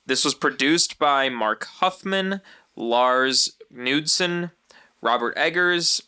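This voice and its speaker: A man's voice: mid-range voice, slow pace, sharp tone, clean tone. A man co-hosting a film podcast in casual chat, playful and reading out film details. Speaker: podcast co-host.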